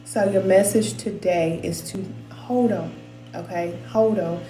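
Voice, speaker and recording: A woman's voice: fairly low pitch, fairly even intonation, unhurried, mellow, soft background music. A middle-aged woman giving spiritual advice to her viewers in a candid, emotional, slangy way. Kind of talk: casual heartfelt talk to viewers. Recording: roomy echoey sound.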